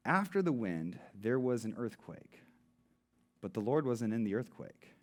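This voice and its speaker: A married man who preaches as a pastor, posing rhetorical questions and slowing down for emphasis. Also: mid-range voice, big pitch swings, a little mellow. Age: adult, married. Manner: rhetorical questions, dramatic slowing on key words. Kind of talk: sermon.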